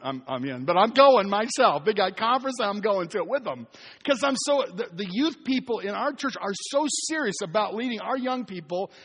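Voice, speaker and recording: A middle-aged male pastor with a high voice preaches in an easy, storytelling way. His voice carries a long reverb from the church hall around him. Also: husky. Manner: storytelling, animated and conversational. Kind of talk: sermon.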